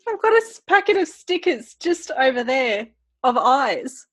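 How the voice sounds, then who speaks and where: Aussie woman host chatting on a video call, lively up-and-down voice, laughs a lot, fairly high. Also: measured pace. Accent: Australian. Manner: chatty, laughs often, animated storytelling. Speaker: podcast host. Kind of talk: casual video-call chat. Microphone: desk microphone on a video call.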